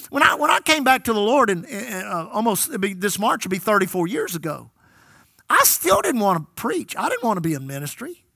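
Man, fifties, pastor, emphatic preaching, high voice, dry sound. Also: pushed and bright, no room sound. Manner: emphatic, repeats key lines, calls out to the congregation. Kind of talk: sermon.

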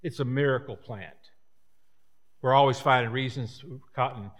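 A man's voice: medium pitch, normal speed. A man preaching a sermon as pastor, folksy and rambling, with repeated words and chatty asides.

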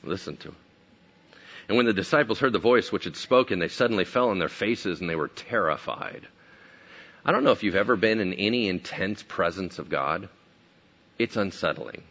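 Animated man preaching a lively sermon. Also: low-pitched, normal speed, lo-fi sound. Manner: animated, acts out biblical characters. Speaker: pastor.

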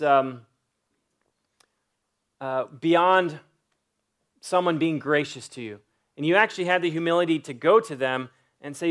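A man preaching a sermon, his voice sitting a little high for a man. He takes his time, leaning hard on key phrases and stretching them out slowly. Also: fairly bright tone. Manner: emphatic preaching with drawn-out slow phrases for emphasis. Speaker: pastor.

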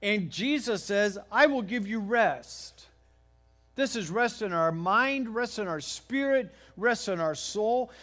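High-voiced man preaching a folksy sermon. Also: takes it slowly. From United States. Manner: folksy, animated storytelling with repeated restarts. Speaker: pastor. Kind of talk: sermon with personal storytelling.

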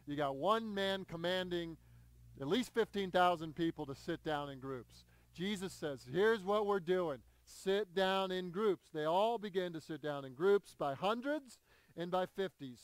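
A man in the pulpit delivers a conversational sermon, his somewhat high voice smooth and resonant. The sound is dry and close. He swings between hushed asides and bursts of excitement, repeating words as he builds. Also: dry recording. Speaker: pastor.

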